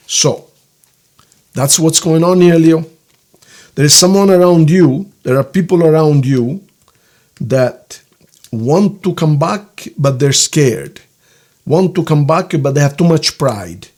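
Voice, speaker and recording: A man with a slightly raised voice talks slowly through a tarot reading, rambling and halting as he hunts for words. He slips into a hushed, soft tone when he voices what someone feels. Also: fairly high pitch, lively intonation. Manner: acts out quoted feelings in a hushed soft voice. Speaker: tarot reader.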